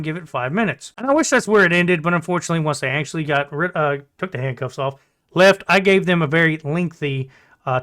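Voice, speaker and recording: Dude telling a story, high bright voice, swears a lot, blunt. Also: male voice. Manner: blunt, profane, exasperated. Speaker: storytelling vlogger. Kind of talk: casual storytelling.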